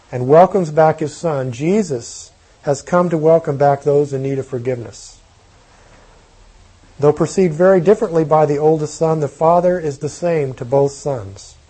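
A man's voice: fairly high pitch, warm tone, slightly rough, rough recording. A man preaching a sermon, reading a scripture passage aloud and then explaining it in plain, conversational terms. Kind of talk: sermon teaching on a parable.

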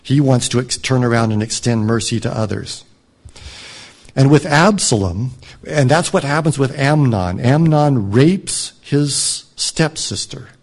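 A man reading a scripture passage aloud and commenting on it as a teacher, in a measured, reflective way. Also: medium pitch. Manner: measured, reflective, drops soft on moving lines. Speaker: Bible teacher.

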